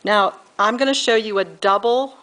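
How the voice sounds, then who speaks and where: Speaking at normal speed, a middle-aged woman gives a patient beading lesson, counting beads aloud and catching her own errors. Her medium-pitched voice has a fairly bright tone, and the recording is rough.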